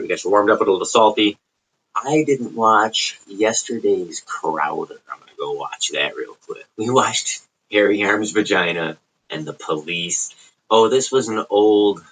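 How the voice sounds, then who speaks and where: A livestream host with a suburban Chicago accent rambles and swears through a casual late-night stream from his home. His voice sits low, slightly bright and husky, and the recording quality is poor.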